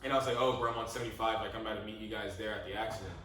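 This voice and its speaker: A young man co-hosting a podcast, telling a story in a lively, laughing way, swearing freely and acting out his own lines. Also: on the low side, racing, a little hiss or hum. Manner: animated, laughing, swears freely, quotes himself. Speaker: podcast co-host. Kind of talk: casual storytelling chat. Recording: echoey room, mic at a distance.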